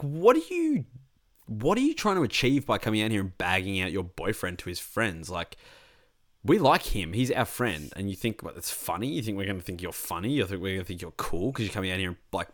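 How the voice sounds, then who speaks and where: A young Australian man chats casually, telling a long rambling story with plenty of swearing. His voice sits a bit low but swings around a lot in pitch. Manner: rambling, animated, swears freely. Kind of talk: casual chat.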